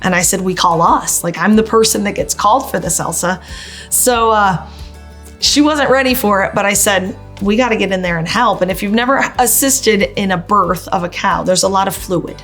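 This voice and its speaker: A woman's voice: mid-range voice, moderate pace, fairly bright tone, faint music behind. A middle-aged woman farmer from upstate New York, telling a story in a documentary interview with heartfelt emotion. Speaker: farmer and mother.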